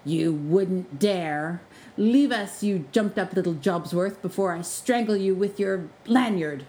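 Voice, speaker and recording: A woman's voice: a little high, expressive, normal speed, darkish tone, slight background noise, voice pushed up, close to an everyday voice. A haughty young nobleman , as a woman reads him, who bullies and snaps at anyone in his way. The voice stays close to the reader's own, with clipped, entitled delivery. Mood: furious. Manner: haughty, snapping. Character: arrogant young male lord, bullying.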